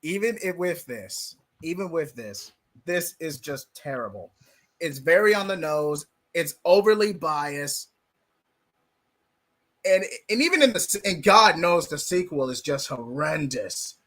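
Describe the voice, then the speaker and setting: A man's voice: a little high, lively intonation, a little slow, a bit bright. A man co-hosting a casual live stream, ranting about a comic with exaggerated mock-anguish. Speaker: co-host reviewing comics.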